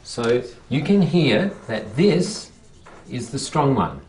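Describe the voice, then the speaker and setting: Language teacher, animated pitch, slow deliberate word modelling, quick check-up questions. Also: slight background noise. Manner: prompting and checking students with short questions. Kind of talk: classroom teaching with explanatory voice-over.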